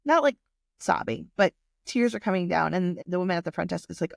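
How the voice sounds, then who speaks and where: A woman's voice: on the low side, normal speed, creaky, pauses often, dry recording, studio quality. Candid, swearing woman in her forties. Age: 40s. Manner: candid, emotional, swears freely. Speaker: vlogger. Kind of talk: personal storytelling.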